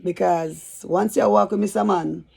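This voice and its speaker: A woman's voice: medium pitch, steady tone, a little slow, vocal fry, dark tone, slightly rough. A woman telling a rambling, chatty story for her vlog. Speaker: YouTuber.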